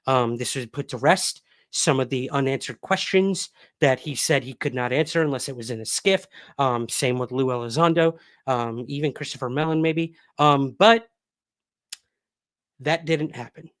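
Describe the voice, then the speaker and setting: Male livestream host, chatty and loose, dry close sound, mid pitch. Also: moderate pace, a bit bright, no echo. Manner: chatty, reads viewer comments aloud. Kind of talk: casual livestream chat.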